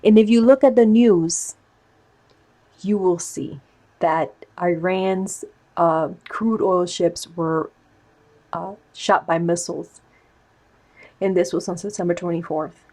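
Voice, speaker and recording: A woman's voice: lowish voice, takes it slowly, long pauses. A woman tarot and cup reader talking in a casual vlog, insistent and getting worked up, repeating herself for emphasis. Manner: excited, insistent, gets worked up.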